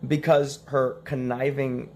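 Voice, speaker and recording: A man's voice: mid-range voice, little pitch movement, takes it slowly, darkish tone, a little hiss or hum. A young man telling a story in casual stream talk, acting out the quoted lines and laughing between them.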